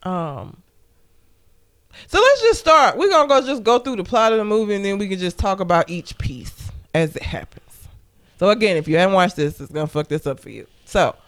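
A woman's voice: mid-range voice, very animated, fairly quick. A woman co-hosting a casual podcast, recapping a movie plot in a blunt, profane, joking way. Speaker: podcast co-host.

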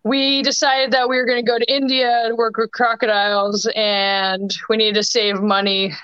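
A young woman chats as a podcast guest in a bright, crisp voice, telling stories in quick bursts full of restarts and fillers. Her sound is dry and a little dull, like lo-fi remote call audio. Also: fairly high pitch, level tone, no room sound. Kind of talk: casual storytelling chat.

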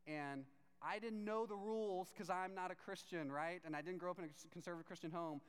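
A man's voice: high-pitched, a little fast, smooth. A young man preaching a casual sermon, telling stories with quoted voices and tagging sentences with "right?". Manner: storytelling with quoted voices, frequent "right?" tag questions. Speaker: pastor. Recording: long hall reverb.

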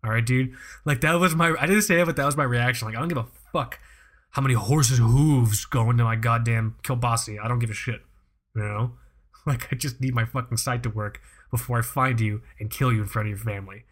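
A man's voice: mid-range voice, a little fast, fairly bright tone. A man co-hosting a podcast, ranting in a profane, exasperated way and laughing often. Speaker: podcast co-host. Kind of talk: casual podcast chat.

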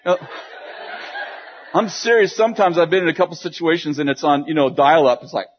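A man preaching to a congregation, telling a funny story in an animated way with laughs and quick asides. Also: on the high side, noisy background. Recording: dull lo-fi sound.

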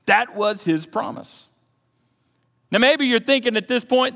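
High-voiced gravelly male preacher in a reverberant hall. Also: a little slow, a bit bright. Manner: conversational preaching with repetitions and asides to the congregation. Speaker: pastor. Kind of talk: sermon. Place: church sanctuary.

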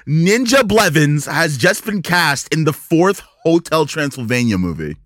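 Excitable bright-voiced young man, dry sound. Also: a little high, measured pace, no room sound. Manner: loud, excitable, swears, laughs a lot. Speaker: podcast co-host. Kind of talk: casual group chat.

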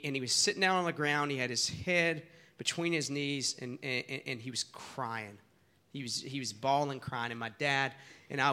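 Bright earnest man preaching a sermon. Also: a little high. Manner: earnest, conversational preaching with repeated restarts. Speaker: pastor.

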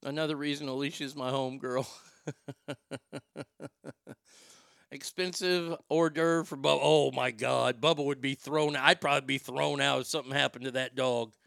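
Bright, joking man streaming live. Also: medium pitch, steady tone, normal speed, vocal fry, pauses often, clear, resonant tone, dry recording, clean studio sound. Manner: joking, profane, rambling. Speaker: livestream host. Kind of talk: casual livestream chat. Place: home studio.

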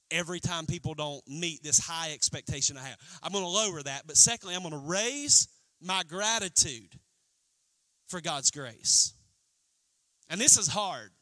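Animated high-voiced pastor preaching. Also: male voice, no room sound. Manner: animated preaching, acting out quotes. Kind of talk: sermon. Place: church.

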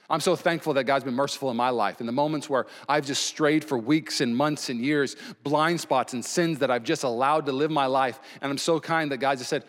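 A man preaching a sermon as pastor, emphatic, swinging between loud and hushed delivery. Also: medium pitch, brisk. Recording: long reverb from a large hall.

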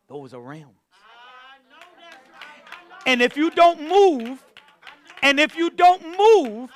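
A man's voice: extremely high pitch, fairly bright tone. A man preaching a sermon to a church, repeating phrases and calling on the congregation to answer back. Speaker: pastor.

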